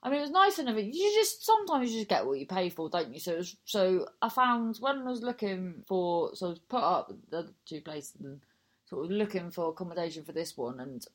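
A woman's voice: lowish voice, big pitch swings, fairly quick. A young woman telling a rambling, sweary personal anecdote in a casual chat, breaking into laughter and digressions.

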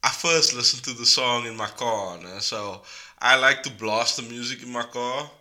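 A man's voice: mid-range voice, normal speed, bright, forceful tone. A man co-hosting a podcast in casual chat, full of laughing banter and filler words like "bruh". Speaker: podcast co-host.

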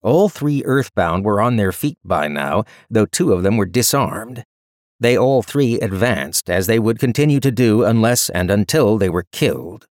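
Low-voiced man narrating a story. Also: expressive, moderate pace, no echo, studio quality. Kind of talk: scripted narration.

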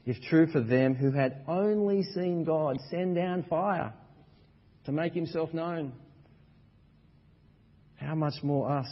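A man preaching a sermon as pastor, swinging between loud, emphatic exhortation and quiet, low passages. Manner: builds to loud, high-pitched emphatic preaching, then drops quiet. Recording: dull sound with long reverb in a large hall.

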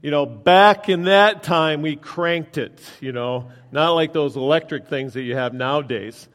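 A man with a slightly high voice gives a sermon in a chatty, joking manner, bantering with the congregation. His words ring with the long reverb of a church hall. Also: a little slow, fairly bright tone. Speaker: pastor.

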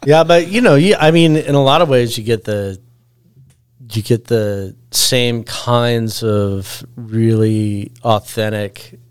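Slow, laid-back man telling a story. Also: mid-range voice, clean tone, no echo, studio quality. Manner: laid-back, laughs through his story, rambles with restarts. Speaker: guest. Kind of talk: casual storytelling on a podcast.

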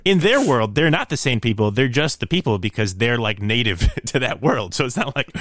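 A man's voice: mid-range voice, expressive, a little fast, hardly any pauses, fairly bright tone, no room sound, studio quality. Young man rambling in casual chat. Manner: rambling, laughs often, jokey put-on voices.

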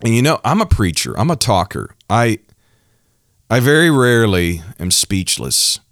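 A man's voice: mid-range voice, very animated, normal speed, a bit bright, no room sound, clean studio sound. A young man, a preacher, giving a personal testimony in a preaching style, emotional and emphatic, repeating phrases for effect.

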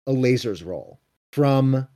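A man running a tabletop role-playing game, narrating scenes and calling rolls in a brisk, matter-of-fact way. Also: mid-range voice, expressive, warm tone. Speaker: game master.

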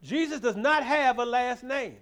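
High-voiced man leading bible study. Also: expressive, moderate pace, fairly bright tone. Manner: preacherly, rising and falling emphasis, call-and-response; repeats and restarts words.

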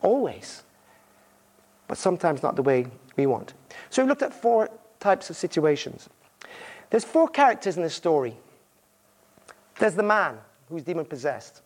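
Male visiting preacher with a high, lively delivery, storytelling and playing out the characters' lines. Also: a little slow, pauses often. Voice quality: married. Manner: animated storytelling, acting out voices in quotes. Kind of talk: sermon.

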